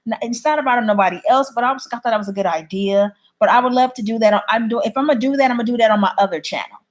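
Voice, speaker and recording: A woman's voice: fairly high pitch, very fast. A woman chatting casually on a livestream, reading viewer comments and answering them bluntly. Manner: blunt, opinionated. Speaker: YouTube live streamer.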